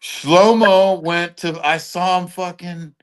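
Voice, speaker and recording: A man's voice: sits high, steady tone, slow, a loud crowd. Blunt, profane man in casual chat. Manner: profane street slang, loose and blunt. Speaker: interview guest.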